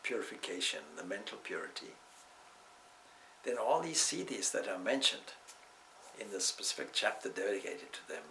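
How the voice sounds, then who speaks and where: Brief: swami, male, low and gravelly, rambling storyteller at an indoor talk. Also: sing-song, moderate pace, sharp tone, slight background noise, low-quality recording. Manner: discursive, with asides and restarts. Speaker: swami giving a spiritual talk.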